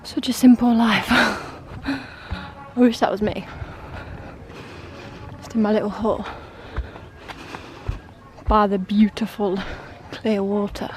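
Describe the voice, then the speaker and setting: A woman's voice: medium pitch, little pitch movement, slow, pauses often. A young woman, chatting casually to a handheld camera while on a coastal boat trip. She talks in a chatty, giggly way and keeps saying things are little and lovely. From England. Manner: chatty, giggly, often says "little" and "love it". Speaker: travel vlogger. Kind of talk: casual vlog narration. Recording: noisy outdoor ambience with boat sounds.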